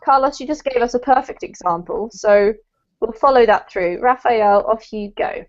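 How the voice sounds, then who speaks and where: Woman, pronunciation teacher, encouraging, chatty, highish voice, dull lo-fi call sound. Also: normal speed. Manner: encouraging, chatty, laughs often. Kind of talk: online class instruction. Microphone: video call.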